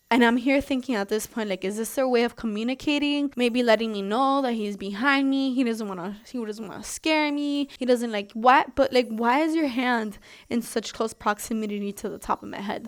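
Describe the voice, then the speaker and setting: A young adult woman vlogger telling a story in a casual, animated, exasperated way. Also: a little high.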